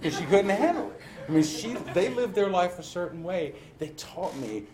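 A man's voice: high voice, expressive, normal speed, background noise. A man sharing his recovery story in a candid testimony, telling it with self-mocking humor and frequent laughter. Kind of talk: personal testimony talk.

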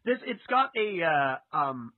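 A man's voice: a little high, very animated, takes it slowly, no room sound. A man co-hosting a casual chat, rambling and laughing, with lots of fillers. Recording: tinny phone-like sound.

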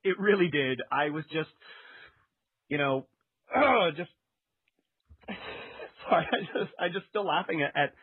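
A man's voice: fairly high pitch, measured pace, long pauses, husky, no echo. A man co-hosting a casual chat, rambling and laughing, with lots of fillers. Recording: tinny phone-like sound.

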